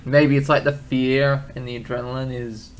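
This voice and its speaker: A man's voice: mid-range voice, flat delivery, a little hiss or hum. A man recapping an anime episode in casual chat with friends, often stumbling over and repeating words. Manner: halting, repeats words, laughs easily. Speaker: co-host.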